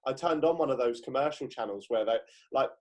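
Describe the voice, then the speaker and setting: A man's voice: medium pitch, a little fast, a little mellow. A young British man chatting as a guest on a podcast, laughing often and restarting sentences. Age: young adult. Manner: giggly, rambling with restarts. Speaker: guest YouTuber. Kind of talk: casual podcast chat.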